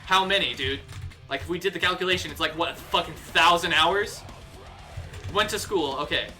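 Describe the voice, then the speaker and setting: A young man on a livestream, riled up and cursing as he rants, often stumbling and starting his sentences over. His voice is very bright and sits a bit high for a man, with soft guitar music playing underneath. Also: normal speed. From United States. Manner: heated, profane, ranting with restarts. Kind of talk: casual livestream rant.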